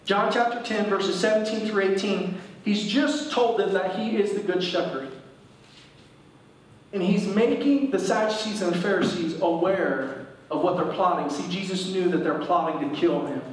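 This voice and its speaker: A man's voice: sits high, moderate pace, heavy reverb, distant mic, poor audio. A man preaching a sermon as pastor, reading scripture and explaining it to his congregation. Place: church service.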